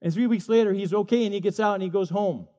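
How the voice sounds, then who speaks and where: A man's voice: sits high, fast talker, dark tone. A middle-aged male pastor preaching a sermon, telling stories with acted voices and emphatic repetition.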